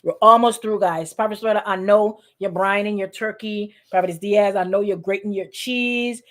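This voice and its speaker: A woman's voice: medium pitch, fairly even intonation, moderate pace. A middle-aged woman pastor preaching informally, calling on listeners by name and acting out quoted voices. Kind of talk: informal sermon to an online congregation.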